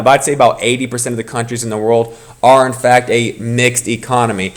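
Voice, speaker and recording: A male teacher with a mid-range voice records a lecture video for his class. He explains things patiently and goes back over the key points for his students.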